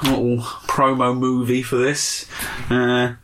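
Brief: male podcast host, bright tone, loose jokey chat. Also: medium pitch, completely flat delivery, slow pace, slight background noise. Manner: wry, rambling, laughs often. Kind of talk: casual chat.

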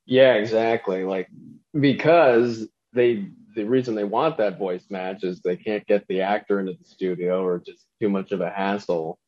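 A man's voice: fairly low pitch, steady tone, moderate pace, darkish tone, highs cut off. A man, a voice actor, chatting loosely on a podcast and rambling between thoughts. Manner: rambling, drops into celebrity impressions. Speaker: voice actor guest. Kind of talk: casual podcast chat.

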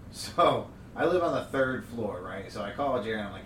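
A man's voice: on the low side, moderate pace, hardly any pauses. Man, podcast co-host, swearing storyteller, roomy echo, faint hiss, mic set back. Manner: profane, animated storyteller who acts out quotes. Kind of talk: casual storytelling chat. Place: room with an overhead TV. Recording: echoey room, distant mic, faint hiss.

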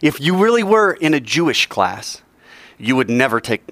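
A man's voice: medium pitch, moderate pace, no room sound. Man coaching a class through call-and-response. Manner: energetic, coaxing, drills the class line by line. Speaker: teacher.

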